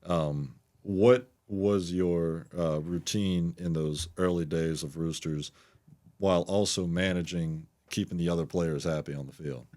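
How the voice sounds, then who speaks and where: A man's voice: sits low, fairly even intonation, measured pace, darkish tone. A man hosting a music podcast, asking long, meandering questions in a casual interview. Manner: rambling questions with fillers and restarts. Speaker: podcast host.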